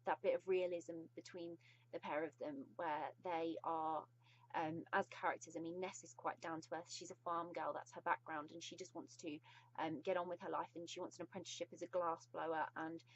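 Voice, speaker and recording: A woman with a British accent giving a casual video book review, gushing and effusive, with frequent pauses. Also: on the low side, level tone, rough recording.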